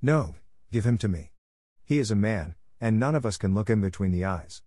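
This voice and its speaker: A man's voice: fairly low pitch, animated, mellow, no room sound, clean studio sound. A man reading aloud, voicing a hateful, domineering male tiger who drags out his words. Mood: clamoring. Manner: slow, drawn-out speech. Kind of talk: audiobook reading.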